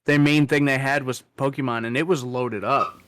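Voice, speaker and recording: A man in his thirties co-hosting a podcast, relaxed and rambling, with lots of "like". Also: medium pitch, normal speed, smooth. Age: 30s. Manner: relaxed, rambling, full of "like" fillers. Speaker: podcast co-host. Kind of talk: casual chat.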